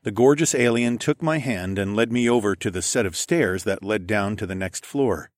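A man's voice: fairly low pitch, moderate pace, no room sound, studio quality. A man reading a first-person story aloud in a casual, wry tone. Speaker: narrator.

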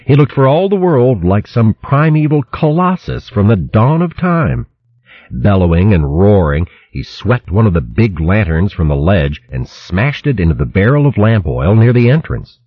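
A man narrating a fantasy adventure in a dramatic, expressive audiobook reading. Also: on the low side, moderate pace, slightly rough, no room sound. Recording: dull lo-fi recording.

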